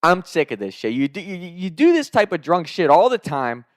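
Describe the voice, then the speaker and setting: A man's voice: fairly high pitch, very animated, moderate pace, no echo, pitched above the performer's own voice. Brief: man voicing a fed-up buddy, raised voice, dry close sound. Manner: exasperated scolding. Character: fed-up young man scolding a friend.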